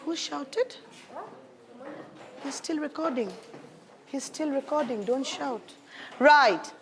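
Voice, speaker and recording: In a classroom, a woman teaches primary school children a science lesson, taking it slowly against some background noise. Her voice sits high, and she keeps the kids on task with warm, encouraging praise, calling them darling.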